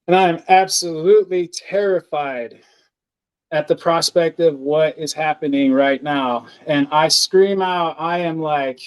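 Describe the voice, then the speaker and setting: A man with a clean-toned voice that sits a little high for a man speaks slowly and earnestly, though the audio is poor. As a podcast guest telling a personal story, he halts often, restarts sentences, and fills gaps with words like "like."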